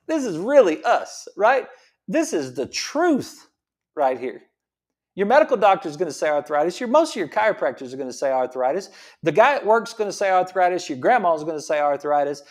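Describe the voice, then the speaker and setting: A man's voice: a little high, a little mellow. A middle-aged man, a chiropractor hosting an informal health talk, repeating his points with emphasis and asking rhetorical questions. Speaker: chiropractor host.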